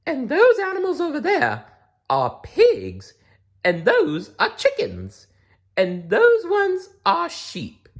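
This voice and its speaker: A man voicing a friendly, chatty female farm cow in a storybook reading, in a high, squeaky sing-song voice. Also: wildly swooping pitch, slow, highs cut off, heavily acted.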